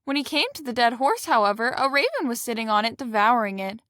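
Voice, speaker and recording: A woman reading a fairy tale aloud in a steady, plain storybook way. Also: on the high side, fast talker, dry recording, clean studio sound.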